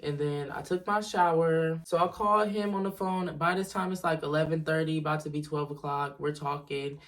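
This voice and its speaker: A woman telling a story to her viewers in a casual storytime video, animated and swearing freely. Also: low voice, moderate pace, distant mic. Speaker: storyteller vlogger.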